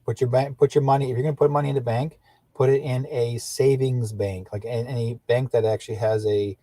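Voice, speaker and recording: An older man with a husky voice rambles indignantly through his livestream, repeating himself and restarting sentences. His voice is recorded close and dry. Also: mid-range voice, fairly even intonation, brisk, dark tone, no room sound. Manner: indignant, repetitive, restarts often. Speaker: livestream host.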